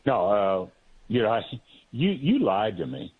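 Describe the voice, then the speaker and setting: A man's voice: on the low side, sing-song, a little slow, breathy edge. A man co-hosting a talk radio show with teasing, joking banter. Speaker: co-host. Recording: dull lo-fi line with faint hiss.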